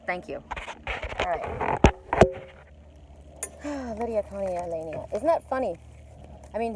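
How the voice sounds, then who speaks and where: A woman streams a card reading live from beside a lake, chatty and blunt, with casual swearing. Her voice sits at an ordinary middle pitch for a woman. Faint traffic hums behind her outdoors. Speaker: oracle card reader.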